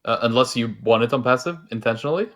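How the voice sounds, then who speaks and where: A man guesting on a gaming chat, explaining game tips in a relaxed way with frequent hesitations. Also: medium pitch, quick pace. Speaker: guest player. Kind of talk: casual chat.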